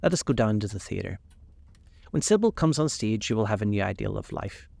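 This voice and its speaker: A man voicing an earnest, idealistic young gentleman in a storybook reading, speaking eagerly. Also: on the low side, animated, fairly quick, gravelly, dry recording.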